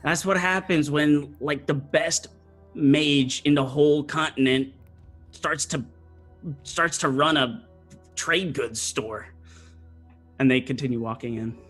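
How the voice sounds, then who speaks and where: A man's voice: on the high side, slow, long pauses, a bit bright, soft background music. A man narrating as game master of a tabletop game, rambling and hesitant, full of fillers.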